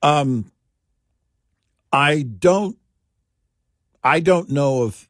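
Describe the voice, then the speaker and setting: A man's voice: a little high, animated, very slow, dry recording, studio quality. A man co-hosting a radio talk show, telling stories and mocking automated phone menus. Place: radio studio. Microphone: studio microphone.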